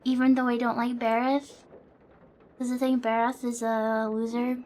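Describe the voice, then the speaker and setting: A woman's voice: fairly high pitch, level tone, normal speed, a little mellow. A young woman streamer chatting casually, rambling with lots of fillers and swearing freely. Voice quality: sleepy.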